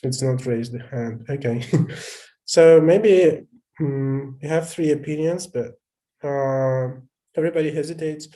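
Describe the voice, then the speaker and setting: A man's voice: fairly high pitch, unhurried, warm tone. Hesitant man teaching over a video call. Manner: thinks aloud with frequent hesitations and restarts. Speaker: instructor. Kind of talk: live online lecture with screen sharing.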